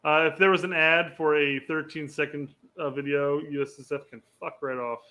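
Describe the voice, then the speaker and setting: A laid-back man co-hosts a casual soccer podcast in a fairly high, bright voice. He often stops and restarts his sentences as he talks. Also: fairly even intonation, moderate pace. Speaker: podcast co-host. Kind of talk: casual soccer commentary chat.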